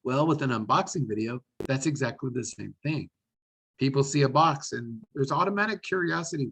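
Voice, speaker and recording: A man presenting a business webinar, animated and enthusiastic, often repeating words as he talks. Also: medium pitch, brisk, creaky, husky, low-quality recording.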